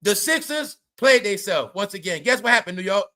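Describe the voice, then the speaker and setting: A man hosting a livestream, talking loudly in rambling, profane commentary, often saying "y'all". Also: high-pitched, big pitch swings, fairly quick. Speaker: livestream host. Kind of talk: profane stream-of-talk commentary.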